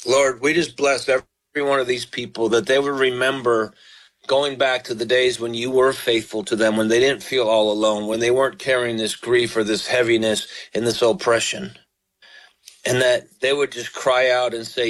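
A middle-aged man preaching on a radio broadcast, with a mid-pitched voice. He talks earnestly and pastorally, straight to his listeners. He reads scripture slowly and prays fervently. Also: fairly even intonation, fairly bright tone, low-quality recording. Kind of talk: broadcast sermon with scripture reading and prayer.

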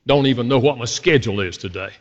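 A man's voice: mid-range voice, fast talker. Middle-aged man, pastor, storytelling sermon, long hall reverb, dull lo-fi sound. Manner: storytelling, warmly self-deprecating, addresses congregation directly. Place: church sanctuary.

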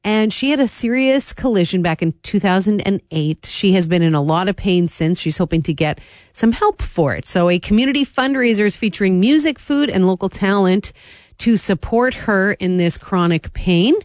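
A woman's voice: mid-range voice, animated, normal speed, a little mellow, dry recording. Upbeat woman radio host. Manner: upbeat, smiling delivery. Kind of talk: radio news presenting. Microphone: studio mic.

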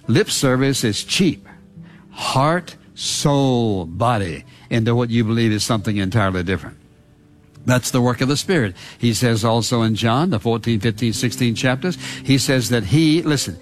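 Emphatic preacher man, keeps saying listen. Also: mid-range voice. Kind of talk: radio sermon.

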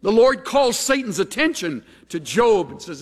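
A man preaching a sermon in a measured, emphatic way, dropping his voice low on key points. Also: big pitch swings, big-room sound.

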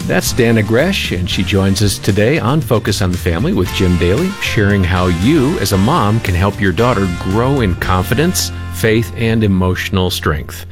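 A man co-hosting a radio show, introducing the guest in a smooth announcer manner. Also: lowish voice, animated, normal speed, hardly any pauses, music in the background.

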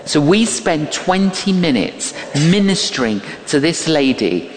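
An older male preacher with a high, lively voice tells his story slowly and deliberately. He leans on key phrases and repeats them for effect. His voice rolls around a large, reverberant hall. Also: slight background noise. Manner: emphatic, repeats key phrases, acts out quotes. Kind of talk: sermon with storytelling. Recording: echoey hall with long reverb.

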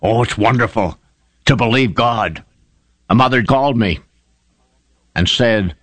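A man's voice: mid-range voice, unhurried, long pauses, a bit bright, no room sound. A man preaching a sermon, retelling scripture stories with fervent, emphatic delivery. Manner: fervent, emphatic storytelling with rising exclamations.

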